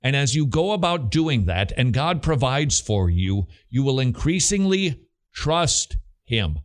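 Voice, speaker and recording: A man's voice: medium pitch, sing-song, unhurried. Southern man, middle-aged, radio host, emphatic preaching delivery, voice swinging up and down. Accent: Southern American. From American South. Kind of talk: call-in Q&A radio show.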